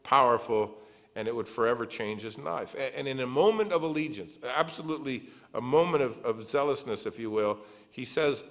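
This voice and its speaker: A man's voice: medium pitch, normal speed, fairly bright tone. A middle-aged male pastor preaching a sermon, reading scripture aloud and adding earnest, conversational asides.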